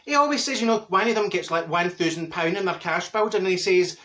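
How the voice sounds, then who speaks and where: Casting: man as a mouthy middle-aged Glaswegian woman, high bright voice, blunt and mocking comedy monologue. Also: quick pace. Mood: ranting. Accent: Glaswegian Scottish. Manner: gossipy, blunt, mocking asides. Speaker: comic character monologue.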